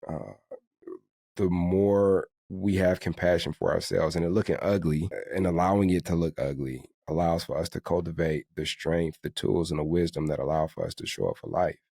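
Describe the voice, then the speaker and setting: A very low, gravelly male voice with a dark, mellow timbre, recorded dry and close. He co-hosts a podcast, speaking reflectively and casually, filling his sentences with "you know.". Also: normal speed, no echo. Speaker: podcast co-host.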